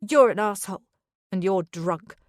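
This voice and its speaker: Brief: narrator puts on a tipsy, defensive wife, raised and sharp, close dry read. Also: female voice, fairly high pitch, animated, moderate pace, no echo, close to an everyday voice. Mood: drunk, angry. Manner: heated, slurred and defensive. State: drunk.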